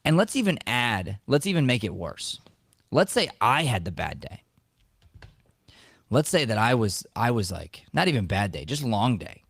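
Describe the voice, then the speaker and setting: A man's voice: mid-range voice, normal speed, gravelly, slightly rough, no echo, studio quality. A man in his thirties hosting a podcast, chatting casually and acting out the lines of people in his stories. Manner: animated storyteller acting out quoted lines. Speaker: podcast host. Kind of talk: casual talk on acting and life.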